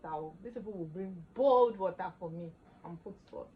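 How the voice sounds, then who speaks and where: Animated woman telling a story. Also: lowish voice, unhurried, dull audio. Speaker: vlogger. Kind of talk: personal testimony vlog.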